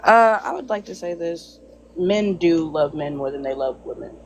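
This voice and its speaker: High-voiced man making a teasing point. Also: lively intonation, moderate pace, a little hiss or hum. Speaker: panelist. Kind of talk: casual live discussion.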